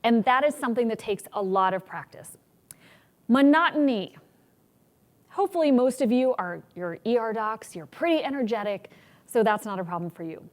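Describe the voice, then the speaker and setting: A woman presenting a workshop on public speaking, energetic and acting out examples of good and bad delivery. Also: a little high, normal speed. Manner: energetic, demonstrates examples in changed voices. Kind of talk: teaching a conference workshop.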